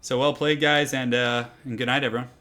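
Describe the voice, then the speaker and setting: A young man streaming a strategy game, commentating in a chatty, excitable, slangy way, tired and a little out of breath. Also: mid-range voice, a little fast. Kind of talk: casual live-stream commentary.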